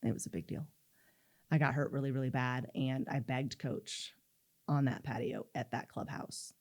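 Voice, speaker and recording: Very deep in tone and moderate in pace, a middle-aged woman tells an interviewer a personal story as a guest. She brings energy to it, acting out the dialogue she quotes.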